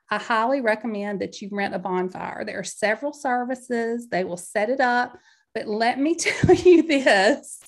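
A woman, in her forties, hosting a podcast in a bubbly, rambling chat style, a little out of breath. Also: a little high. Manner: bubbly, rambling, animated storytelling. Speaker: podcast host. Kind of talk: chatty solo podcast talk.

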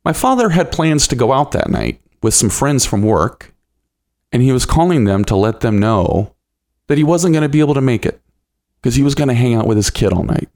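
A man's voice: medium pitch, brisk. A man in his thirties hosting a podcast, telling a personal story and acting out the voices of people in it. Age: 30s. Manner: animated, acts out the voices of people in his stories. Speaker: podcast host.

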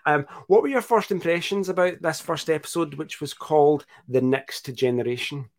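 A man's voice: on the high side, moderate pace. A man in his forties hosting a casual discussion podcast, chatty and enthusiastic, with a few filler words. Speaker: podcast host.

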